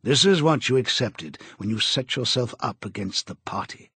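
A man voicing a cold, menacing male interrogator in an audiobook, speaking in a measured, contemptuous way. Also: mid-range voice, expressive, bright, forceful tone, husky, dry recording, full character voice. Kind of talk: audiobook character reading.

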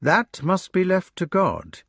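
A man's voice: high-pitched, big pitch swings, slow pace, gravelly, fairly bright tone, husky, dry recording, studio quality, pitched above the performer's own voice, heavily acted. A man voicing a cold, proud champion knight speaking in a clipped manner.

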